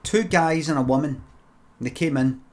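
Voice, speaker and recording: Scottish male streamer spinning an improvised comic tale, digressive and foul-mouthed, voice a touch high. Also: moderate pace, darkish tone. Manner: rambling, sweary, digressive.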